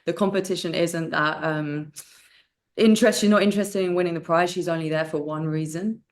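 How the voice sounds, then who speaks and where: A young woman, an actress and martial artist, chatting in an interview, animated with many fillers and restarts. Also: lowish voice, brisk. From United Kingdom. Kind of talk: casual interview chat.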